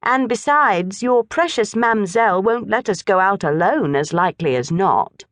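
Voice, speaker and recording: A woman's voice: medium pitch, animated, normal speed, no room sound, voice pushed up, natural voice. A woman voicing a contrary young schoolboy who sounds dismissive and likes to contradict.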